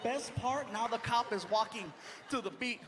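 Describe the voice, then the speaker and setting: High-voiced man doing animated stand-up. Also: normal speed. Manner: animated, with shouted punchlines. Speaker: stand-up comedian. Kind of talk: stand-up storytelling. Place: comedy stage before a live audience. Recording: live stage mic with crowd noise.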